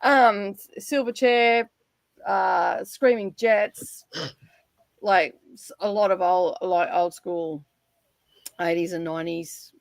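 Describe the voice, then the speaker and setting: A woman's voice: medium pitch, steady tone, takes it slowly, gravelly, no room sound. A middle-aged Australian woman in casual chat on a livestream, rambling and chatty, with lots of fillers and frequent laughter. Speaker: livestream guest.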